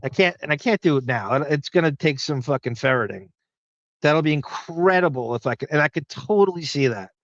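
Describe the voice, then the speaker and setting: Man, Long Island accent, podcast host; slightly high voice, swearing and rambling through listener comments on dull, dry lo-fi audio. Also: expressive, brisk, a bit bright, dry recording. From Long Island, New York. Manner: rambling, profane, thinking aloud. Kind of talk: casual live chat reading listener comments.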